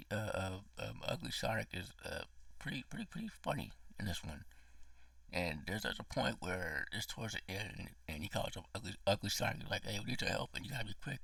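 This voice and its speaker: Swearing and growing worked up, a low-voiced, gravelly man delivers a profane, dramatic rant about a movie, now and then dropping into a hoarse whisper. The voice is husky yet bright and edgy, and the dry recording comes from a mic set a fair way off.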